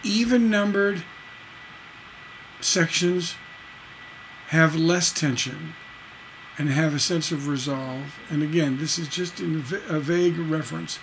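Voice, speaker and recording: Slow, halting man teaching songwriting. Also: a little high, a bit bright, a little hiss or hum, rough recording. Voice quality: halting, many fillers and restarts. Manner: talks lyrics through slowly, counting beats aloud. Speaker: songwriting instructor. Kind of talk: livestream songwriting lesson.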